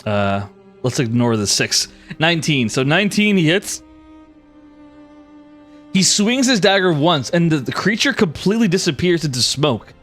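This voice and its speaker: A man narrating as game master, easygoing and quick to apologize. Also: a little high, soft background music. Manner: lively, apologetic, laughs easily.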